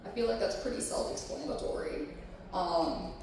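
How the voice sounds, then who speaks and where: A woman's voice: on the low side, normal speed, noisy background. A woman presenting a convention panel in a casual, frank way, swearing now and then and filling her talk with "like, you know.". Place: convention panel room with live audience. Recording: echoey room, distant mic.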